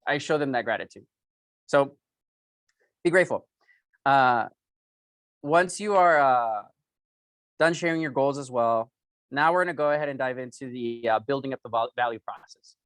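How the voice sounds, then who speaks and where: A man giving a motivational sales training talk, telling an excitable story full of fillers and acting out both sides of a phone call. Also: mid-range voice, normal speed, pauses often, no room sound. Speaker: sales speaker coaching a sales team.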